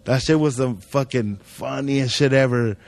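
A man's voice: mid-range voice, moderate pace, creaky, darkish tone, no echo. Guy telling a story full of slang and cussing, dry close sound. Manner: slangy, profane storytelling, acting out voices. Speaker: podcast guest. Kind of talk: casual storytelling chat.

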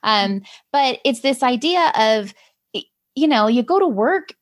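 A woman's voice: a little high, lively intonation, unhurried. A woman in her forties hosting a casual chat, talking in a chatty, confessional way and laughing easily.

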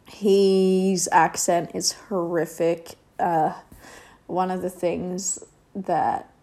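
A woman's voice: lowish voice, level tone, very slow, mellow. A woman casually recapping a reality show, rambling and sarcastic, with lots of fillers.

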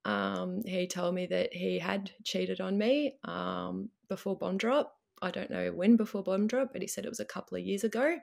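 A woman with an Australian accent, telling a personal story in a hesitant way, with many pauses and ums. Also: mid-range voice, fairly even intonation, vocal fry, a little mellow. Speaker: guest.

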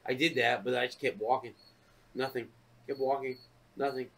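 A man co-hosting a casual podcast chat, telling stories full of swearing and acting out his own shouting. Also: mid-range voice, moderate pace, creaky. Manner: profane, animated storytelling, acts out shouting. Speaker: podcast co-host.

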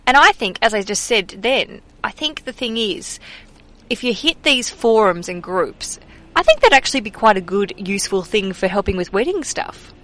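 A woman's voice: medium pitch, big pitch swings, moderate pace, a bit bright. A young Australian woman hosting a podcast, chatting casually and laughing easily, recorded in a car. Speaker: podcast host. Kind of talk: casual chat.

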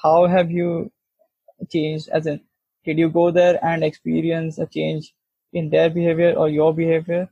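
A man with a gravelly, husky voice that stays flat and somewhat high, making blunt, wry remarks. The sound is thin and phone-like, with a dry feel. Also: a little slow, no room sound. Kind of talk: casual chat.

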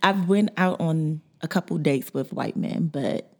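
A woman co-hosting a podcast who gives short, frank answers in casual chat. Her voice sits on the low side. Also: measured pace, darkish tone. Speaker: podcast co-host.

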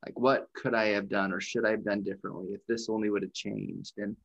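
A man's voice: on the low side, level tone, fairly quick, creaky, breathy edge, dull audio. A man hosting a conversation, reflecting thoughtfully on grief, with many fillers.

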